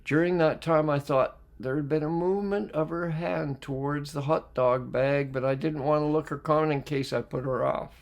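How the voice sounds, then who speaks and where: A man reading a book aloud as a life skills coach. He reads reflectively and pauses to put questions to his listeners. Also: on the high side, fairly even intonation, vocal fry. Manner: reflective, poses questions to listeners between passages. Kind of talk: reading aloud with spoken asides.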